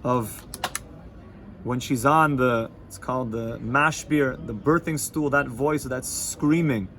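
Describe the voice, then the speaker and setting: A man, teaching an informal Torah class to students, animated and joking, sprinkling in Hebrew and Yiddish terms. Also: medium pitch, takes it slowly, faint music behind. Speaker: yeshiva rabbi teaching students.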